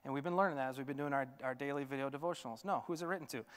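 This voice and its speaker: A male pastor telling a story in a sermon, animated and chatty with lots of fillers, in a church sanctuary. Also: medium pitch, very fast, smooth, long reverb tail.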